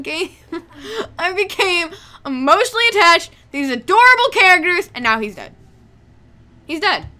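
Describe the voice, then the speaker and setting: High, excitable young woman gamer. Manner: excitable, emotional, pleading with the game. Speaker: let's play gamer. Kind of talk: reacting to a video game. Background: faint game music.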